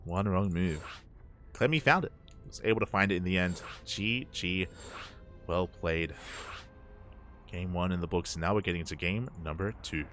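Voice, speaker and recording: Bright-voiced Australian esports caster. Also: male voice, sits low, normal speed, long pauses, soft background music. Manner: chatty, laughs often, loose asides between play-by-play. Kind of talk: live esports commentary.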